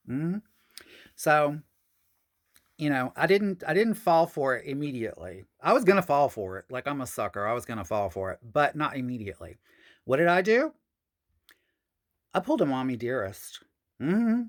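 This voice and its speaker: A woman's voice: low voice, expressive, normal speed. A woman telling a personal story on a podcast, frank and profane, with sassy asides.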